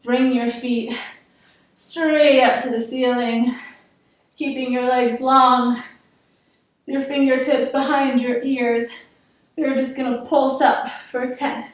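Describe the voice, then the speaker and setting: A woman's voice: sits high, flat delivery, slow, pauses often, far from the mic. A woman yoga instructor guiding a workout class, encouraging and counting down reps. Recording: echoey room, voice from off-mic.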